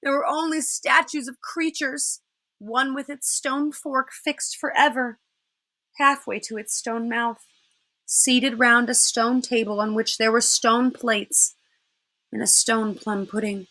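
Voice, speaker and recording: Bright-voiced woman reading a story aloud. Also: a little high, takes it slowly. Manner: expressive. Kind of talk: reading a children's novel aloud.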